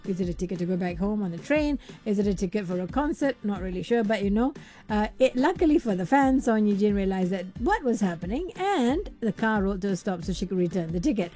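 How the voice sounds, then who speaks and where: A woman's voice: medium pitch, expressive, fast, mellow, soft background music. A woman radio DJ chatting casually through an entertainment story, with rambling asides and a voice that is wearing thin. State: losing her voice. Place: radio studio.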